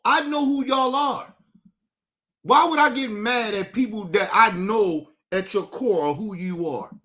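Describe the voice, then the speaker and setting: Using a streaming mic, a livestream host with a high, sharp voice rants at his chat. He's combative, profane and mocking, addressing viewers directly.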